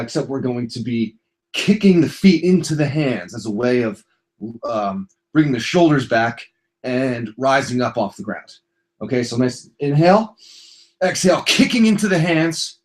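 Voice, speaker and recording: A young man teaching a casual yoga class guides the viewer through a brief routine from an indoor floor. He sounds jokey and loose, speaking at an ordinary middle pitch and slipping playful, silly asides in among his breathing cues.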